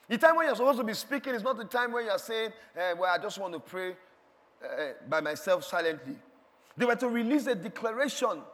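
A man preaching a sermon, emphatic, repeating lines and shouting some of them in a large church hall. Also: sits high. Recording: long hall reverb.

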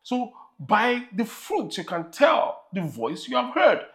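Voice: medium pitch, sing-song, takes it slowly, fairly bright tone. A preacher with a Nigerian accent delivering an emphatic sermon and repeating phrases for emphasis.

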